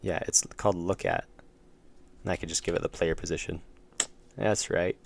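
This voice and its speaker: A man's voice: sits low, steady tone, moderate pace, creaky, slight background noise. A man streaming his game development, talking through his code as he works and chatting with viewers. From United States. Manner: thinks aloud, mumbles while working, chats with viewers. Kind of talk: casual live-stream commentary while coding.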